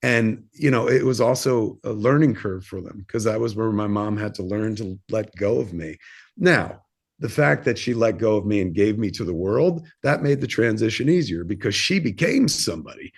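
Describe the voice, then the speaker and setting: A man's voice: lowish voice, animated, moderate pace, husky. A man in his fifties, a filmmaker and podcast guest, telling a personal story in a candid, rambling way, swearing freely and using plenty of fillers. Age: 50s. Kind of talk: casual interview storytelling.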